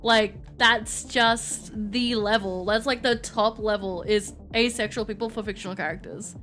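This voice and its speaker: A woman's voice: medium pitch, steady tone, moderate pace, a bit bright, faint music behind. A young woman streamer chatting casually while she plays a visual novel, giggly and self-deprecating as she rambles. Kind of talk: casual gaming commentary.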